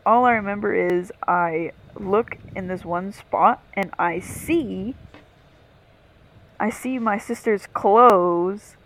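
A woman's voice: medium pitch, takes it slowly, fairly bright tone, a little hiss or hum, poor audio. A young woman co-hosting a casual podcast, telling a long story in a rambling, profane way. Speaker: podcast co-host.

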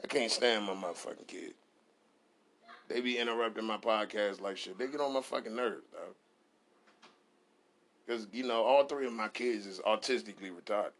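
Man, middle-aged, rambling foul-mouthed podcast host, bright forward voice. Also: fairly low pitch, moderate pace, pauses often. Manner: profane, rambling, animated. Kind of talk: comedic storytelling on a podcast.

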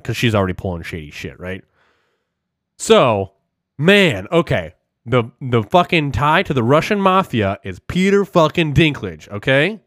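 A man rambles through a film plot in casual chat, animated and loud with profanity. His voice sits at an ordinary middle pitch, and the recording is dry and close, with little room sound. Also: no room sound. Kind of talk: casual movie recap chat.

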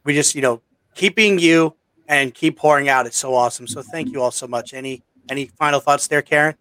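A man's voice: mid-range voice, brisk, pushed and bright, no echo. A man hosting a podcast, thanking his guests with enthusiasm. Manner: enthusiastic, grateful wrap-up. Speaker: podcast host.

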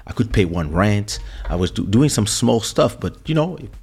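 A man hosting a podcast, telling a personal story in an animated way, with many restarts and acted quotes. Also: lowish voice, moderate pace, vocal fry, slightly rough. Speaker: podcast host. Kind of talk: storytelling monologue.

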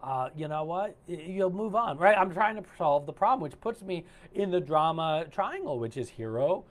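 Man, online coaching host, video call, casual, rambling, fillers, animated, lively pitch. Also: moderate pace. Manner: animated, warm-hearted, rambling with many fillers. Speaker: coach hosting an online gratitude session. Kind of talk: casual live-stream talk.

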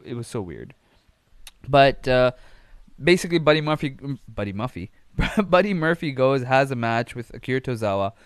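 A man's voice: medium pitch, clean tone, no room sound, studio quality. A young man hosting a wrestling podcast on his own, talking bluntly and casually with plenty of swearing and mock-quoted reactions. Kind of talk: casual solo podcast recap.

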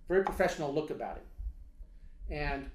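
A man's voice: a little high, expressive, fairly quick, a little mellow. Hesitant storytelling man, roomy sound. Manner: hesitant, many fillers, acts out dialogue. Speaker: interviewee. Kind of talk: casual storytelling. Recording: roomy echo.

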